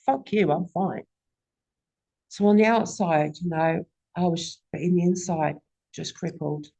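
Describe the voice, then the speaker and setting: A woman's voice: fairly low pitch, vocal fry, mellow, slightly rough. A woman in her forties giving a raw, candid personal testimony at a recovery meeting and swearing often.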